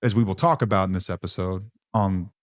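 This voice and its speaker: A man's voice: low voice, fairly even intonation, brisk, dry recording, clean studio sound. A man co-hosting a podcast who talks in a candid, blunt, conversational way with some mild swearing. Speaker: podcast co-host.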